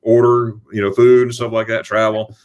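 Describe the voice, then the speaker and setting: A man's voice: on the low side, flat delivery, normal speed, darkish tone, dull audio. A man hosting a casual livestream chat over a video call, telling stories animatedly with many restarts. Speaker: host.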